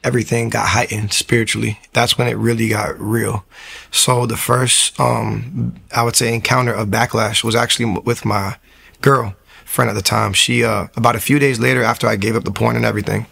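A man giving an emotional personal testimony as an interview guest, telling his story quickly and acting out what people said. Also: medium pitch, vocal fry, breathy edge. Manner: fast, animated storytelling, acting out quotes.

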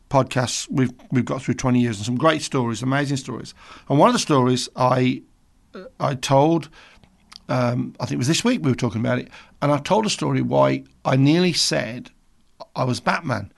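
Older Birmingham man hosting a radio show, gravelly and chatty, rambling into anecdotes between records. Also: medium pitch, moderate pace. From England. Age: 60s. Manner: rambling, self-amused storytelling with asides. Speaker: radio presenter.

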